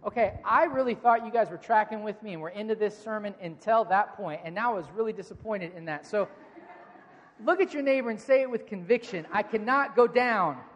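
Preacher giving a sermon, chatty and jokey, talks right to the crowd, mid pitch, lots of church hall echo. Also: brisk, dull audio. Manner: conversational and joking, engages the congregation directly. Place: church sanctuary.

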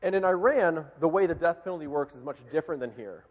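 A man preaching a sermon, telling a story with dramatic swings from loud pleading to hushed, quiet lines. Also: a little high, fast, big-room sound, phone-quality sound.

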